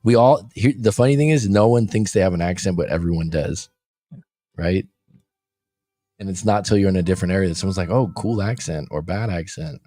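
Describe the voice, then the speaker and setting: A man's voice: low voice, brisk, long pauses, warm tone, dry recording. A man hosting a coaching show, chatting loosely on a livestream, joking and reading viewer comments aloud from a room abroad. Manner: rambling, jokey, reads chat aloud. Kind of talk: casual livestream chat. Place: room by street windows, abroad.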